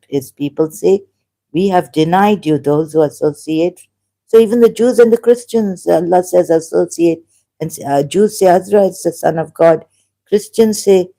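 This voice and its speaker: Solo vlogger: mellow, dark tone, halting and argumentative, reads passages aloud between asides. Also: mid-range voice. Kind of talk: rambling solo monologue.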